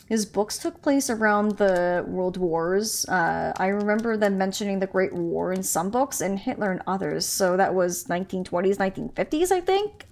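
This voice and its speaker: A woman's voice: mid-range voice, lively intonation, moderate pace, darkish tone. Chatty woman streaming a mystery game. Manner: chatty, musing, stumbles over names. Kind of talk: casual gameplay commentary, reading in-game text aloud.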